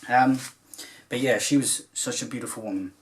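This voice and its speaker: A man's voice: mid-range voice, normal speed. A man who vlogs about cross stitch talks to camera in a casual, rambling, heartfelt way, with many filler phrases along the way.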